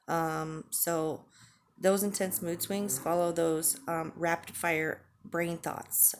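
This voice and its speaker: A woman in her forties talking candidly to the camera in a halting, earnest way, with frequent pauses and fillers. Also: fairly low pitch, flat delivery, a little hiss or hum. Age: 40s. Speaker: vlogger. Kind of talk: candid personal vlog talk.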